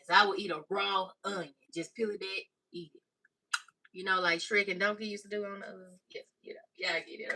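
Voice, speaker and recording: A woman's voice: medium pitch, bright, forceful tone. A woman chatting casually through a cooking tutorial, calling viewers "y'all" and "baby". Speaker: cooking vlogger. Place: home kitchen. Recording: slightly distant mic with faint noise.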